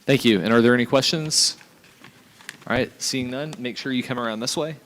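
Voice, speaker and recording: A man chairing a committee hearing. He works through the procedure, calling out names and pausing with fillers. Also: mid-range voice, fairly bright tone. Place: large convention hall. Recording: echoey large convention hall.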